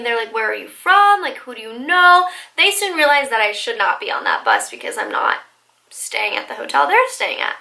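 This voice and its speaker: A woman in her twenties telling a storytime vlog in an excitable, animated way, full of likes and laughter. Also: high voice, gravelly, low-quality recording. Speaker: vlogger.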